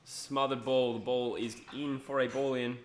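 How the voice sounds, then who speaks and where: A man's voice: mid-range voice, flat delivery, a little hiss or hum. A young Australian man chatting through a live football match on his stream, cracking jokes between calls of the play. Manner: chatty, jokey, quick asides and chuckles. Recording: echoey room.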